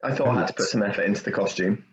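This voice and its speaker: A man's voice: fairly low pitch, racing, dull audio. A man, a podcast regular, answering modestly in casual video-call chat. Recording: echoey room.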